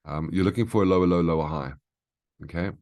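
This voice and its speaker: A man with a low, slightly mellow voice talks at a quick pace. He hosts a daily market brief as a market analyst, casually teaching his way through price charts in a live trading walkthrough and often checking in with "okay?".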